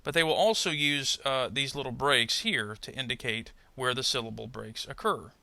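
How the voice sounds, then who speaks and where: Guy teaching english pronunciation, gravelly but bright voice, calm step by step explaining. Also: mid-range voice. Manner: measured, explanatory, careful. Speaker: adult ESL pronunciation teacher. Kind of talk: instructional narration.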